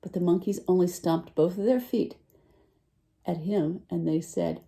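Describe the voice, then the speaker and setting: A woman teacher reading a picture book aloud to children, animated and full of questions for her listeners. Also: fairly low pitch, unhurried. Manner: animated, asks listeners questions, lively voice swings.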